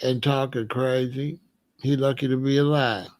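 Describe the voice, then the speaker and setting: A man's voice: mid-range voice, steady tone, moderate pace, a little mellow. A man from Chicago hosting a casual commentary monologue, talking in loose slang, laughing often and repeating his points. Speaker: commentary channel host.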